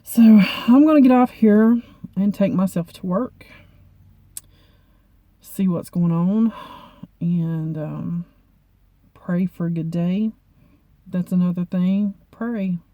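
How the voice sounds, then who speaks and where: A woman vlogger talking to camera in a halting, heartfelt way, often repeating herself. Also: fairly low pitch, dark tone, no room sound. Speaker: beauty vlogger. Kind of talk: personal talk to camera.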